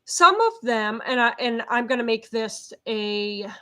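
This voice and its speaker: Fired-up woman with a higher voice. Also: animated, unhurried. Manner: feisty and loud, fired up. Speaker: behavior consultant. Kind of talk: casual vlog talk to camera. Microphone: camera set up at home.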